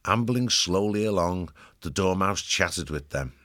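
A man reading a storybook aloud in measured, even audiobook narration. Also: sits low, no room sound, studio quality.

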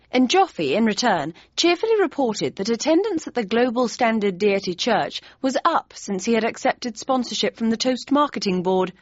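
A woman's voice: on the high side, dry recording, muffled recording. Woman narrating a wry story. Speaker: audiobook narrator. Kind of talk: scripted narration.

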